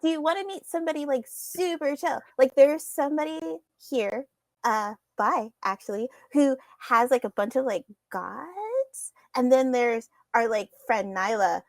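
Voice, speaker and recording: A woman plays her character in a tabletop game, friendly and quick with a touch of apology. Her voice is very high. It sounds close and dry. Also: expressive, dry recording. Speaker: player.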